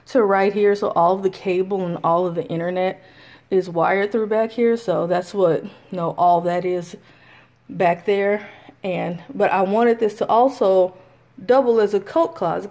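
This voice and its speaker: A woman's voice: medium pitch, darkish tone. Chatty woman giving a walking house tour. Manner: chatty, rambling, frequent fillers. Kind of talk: casual house tour narration. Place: inside a house, walking room to room.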